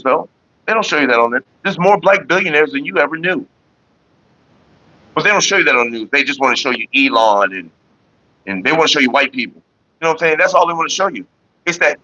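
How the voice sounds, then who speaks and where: A man rants on a casual livestream, blunt and full of profanity as he talks straight to his viewers. His voice sits a little high and sharp against a dry, close sound. The mic is a bit dull and lo-fi. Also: animated, fast talker, no room sound. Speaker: livestream host.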